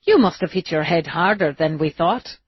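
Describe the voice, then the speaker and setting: A woman narrator voicing a calm, wry, protective husband who teases gently, in a dull, dry recording. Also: fairly low pitch, moderate pace, slightly rough, no room sound.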